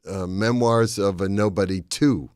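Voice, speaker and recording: A man's voice: fairly low pitch, unhurried, a little mellow, clear, resonant tone, no echo, studio quality. An older man with a Boston accent, a comedian and author telling meandering, comic stories as a talk-show guest. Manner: anecdotal, meandering, with comic timing. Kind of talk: casual chat, storytelling.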